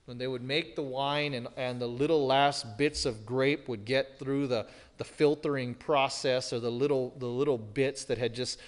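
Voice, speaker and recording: A man preaching an expository sermon as pastor, emphatic, swinging from loud declarations to hushed, serious lines. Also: mid-range voice, steady tone, moderate pace, hardly any pauses. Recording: long hall reverb.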